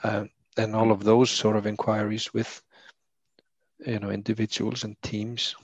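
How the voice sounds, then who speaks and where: A man's voice: fairly low pitch, little pitch movement, a little slow, slightly rough, dry recording, low-quality recording. A man from Iceland speaking English as a second language, with a thick Icelandic accent, reflecting thoughtfully and searching for words. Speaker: leadership coach. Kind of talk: reflective conversation.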